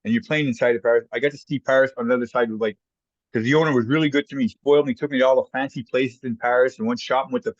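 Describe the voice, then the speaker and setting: A man's voice: mid-range voice, rapid-fire, no room sound, muffled recording. A Canadian man, a former hockey player, telling stories casually as a guest and acting out the voices of people he quotes. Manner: animated anecdotes, acts out quoted voices. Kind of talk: casual storytelling.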